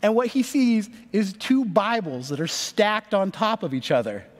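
A man in his thirties preaches with a notably high, lively voice, acting out the people in his story. His words ring with the long reverb of a large church hall. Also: a little slow. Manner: animated, acts out voices in stories. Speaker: pastor. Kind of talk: sermon storytelling. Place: church sanctuary.

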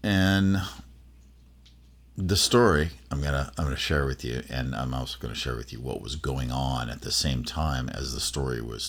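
Casting note: middle-aged man, very deep, slow, husky, halting fireside storytelling. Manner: rambling, halting, many fillers and restarts. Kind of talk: personal storytelling.

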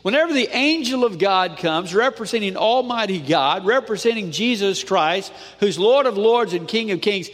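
A man with a high voice delivers a sermon in a big echoing hall. He pushes some phrases loud and drops others to a hush. He keeps asking the congregation for an "amen?". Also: expressive, moderate pace, hardly any pauses. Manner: preachy call-and-response with frequent "amen?"; dramatic swings between loud and hushed. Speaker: pastor. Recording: long hall reverb.

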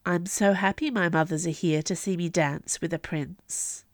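A woman voicing a miserable, fearful young princess who speaks in a hushed whisper. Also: fairly low pitch, fairly even intonation, normal speed, dry recording, studio quality, close to an everyday voice.

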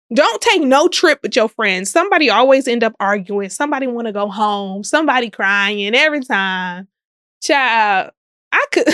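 Sassy high-voiced woman podcaster. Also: a bit bright, no room sound, clean studio sound. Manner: sassy, emphatic, laughs often, drawn-out stresses. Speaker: podcast host. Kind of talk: casual social media commentary.

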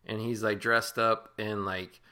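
Rambling, foul-mouthed man with a bright voice. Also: fairly low pitch, level tone, unhurried, clean tone. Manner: loose, profane, rambling with many fillers. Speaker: podcast co-host. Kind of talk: casual movie commentary chat.

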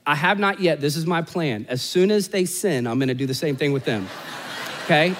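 Male pastor, forties, sermon storytelling, fairly high voice, joking asides, loud peaks and hushed lows. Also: a little fast, long reverb tail.

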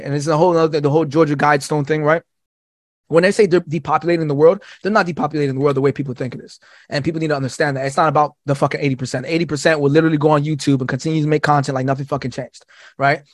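High-voiced, swearing man talking fast. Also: no room sound, clean studio sound. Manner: profane, rambling, animated storytelling. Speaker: podcast guest. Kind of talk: casual podcast conversation.

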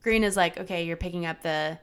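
A woman's voice: on the low side, fairly quick, smooth. A young woman co-hosting a podcast, chatting casually and explaining things with many "like"s. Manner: chatty, heavy use of "like". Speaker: podcast co-host. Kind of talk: casual chat.

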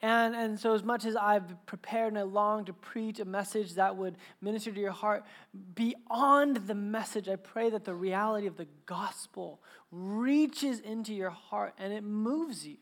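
A man's voice: high voice, a little slow, a bit bright. Joking, rambling man preaching a sermon. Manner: chatty, joking, many restarts and laughs. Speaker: pastor. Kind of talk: sermon with personal storytelling. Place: church service before a live congregation.

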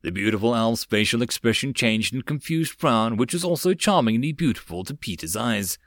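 A man reading a web novel audiobook in a steady, plain storytelling voice. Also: mid-range voice, moderate pace, dry recording, clean studio sound. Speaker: audiobook narrator.

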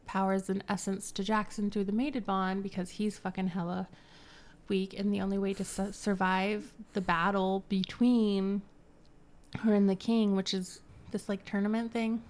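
A woman's voice: mid-range voice, little pitch movement, a little slow, darkish tone. A woman co-hosting a podcast, recapping a novel in casual chat, swearing freely and acting out the characters' lines. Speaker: podcast co-host.

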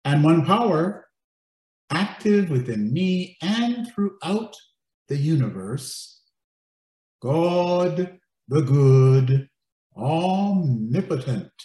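A voice reciting a spoken affirmation in a solemn, drawn-out manner. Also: mid-range voice, big pitch swings, mellow. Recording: roomy echo.

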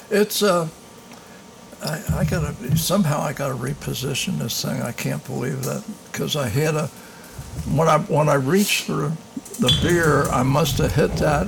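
Slow, gravelly man hosting a tasting. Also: a little high, noisy background. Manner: halting, full of fillers and restarts. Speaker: host. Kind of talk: casual beer tasting chat.

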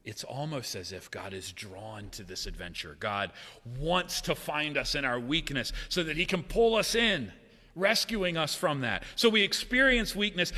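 A man preaching a sermon with a bright, forceful voice, his words trailing off into a long reverb in a big hall. He talks in a relaxed, joking way, then drops to hushed tones for weight. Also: a little high. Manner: conversational, joking, dramatic swings from loud to hushed. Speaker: pastor.

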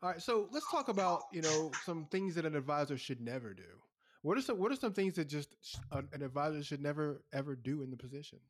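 A man hosting a podcast interview, asking questions in a relaxed, conversational way. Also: a little high, fast. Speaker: podcast host.

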